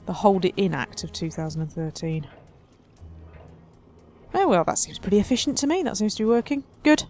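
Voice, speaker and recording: A woman with an average-pitched voice talks her way through a city-building game. She speaks in a chatty, wry manner and addresses the tiny citizens directly. Faint music plays behind her. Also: sing-song, brisk, mellow. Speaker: let's play host. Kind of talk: casual game commentary.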